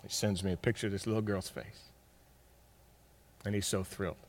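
A man preaching a sermon, telling stories with big swings between loud bursts and quiet, close talk. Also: on the low side, steady tone, normal speed. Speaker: pastor. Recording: long hall reverb.

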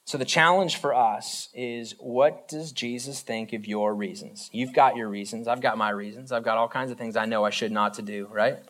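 A man's voice: medium pitch, fairly even intonation, fairly bright tone. A man, a pastor, giving an informal, conversational sermon built on everyday examples. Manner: informal, talks through everyday examples, acts out quick voices.

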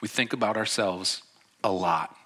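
A man preaching a sermon to a church audience, telling a story in a relaxed, chatty way and acting out the people in it. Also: on the low side, measured pace. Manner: conversational storytelling with laughs and acted-out quotes. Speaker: pastor. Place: church before a live audience.

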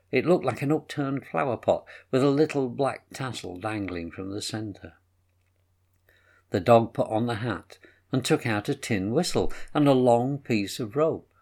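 Gravelly man reading a story aloud. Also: medium pitch, a little mellow.

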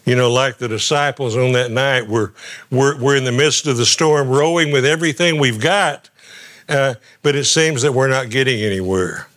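A man's voice: medium pitch, moderate pace, fairly bright tone. A middle-aged male guest pastor preaching a sermon in a conversational way, often stumbling and repeating his words as he goes.

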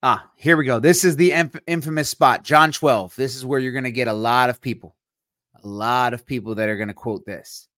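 A male podcast co-host reading Bible verses aloud slowly, then explaining them in quick casual asides. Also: medium pitch, a bit bright, no room sound, clean studio sound. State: tired, yawning.

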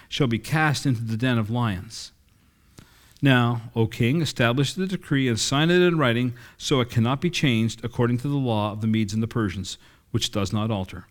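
A middle-aged man preaching a sermon in a conversational way, reading scripture and acting out quoted dialogue. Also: medium pitch.

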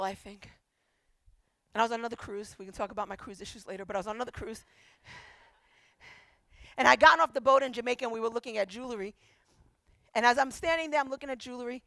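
A woman pastor preaching a sermon, telling a story with animated quoted voices and emphatic repetition. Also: fairly high pitch, gravelly, dry recording.

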